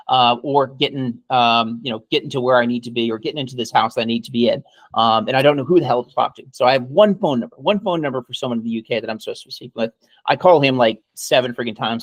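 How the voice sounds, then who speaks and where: A man's voice: mid-range voice, no echo. A man co-hosting a podcast, telling a long, rambling story full of swearing and asides like "okay?". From United States. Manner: rambling, swears freely, keeps adding "okay?". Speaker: podcast co-host. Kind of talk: casual storytelling chat.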